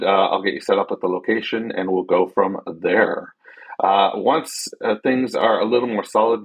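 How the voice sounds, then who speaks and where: A man's voice: lowish voice, poor audio. A man hosting a podcast on his own, chatting casually in a rambling, loose way with lots of fillers and the odd swear word. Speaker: podcast host. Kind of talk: casual solo podcast chat.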